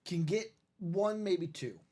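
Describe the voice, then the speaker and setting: A man's voice: sits high, animated, slow, warm tone. A man hosting a live card break stream, chatting casually and reeling off player names in a jokey, upbeat way.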